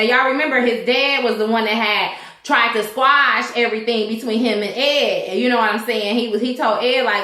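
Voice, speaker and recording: A woman's voice: a little high, bright, forceful tone, roomy sound. A woman recapping a TV episode in a rambling, chatty way. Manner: rambling, chatty, acts out characters' lines. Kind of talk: casual recap chat.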